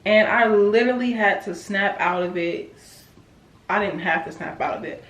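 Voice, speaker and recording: A woman's voice: mid-range voice, normal speed, roomy sound. A woman in her twenties talking candidly in a personal vlog, emotional and self-encouraging. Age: 20s. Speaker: vlogger.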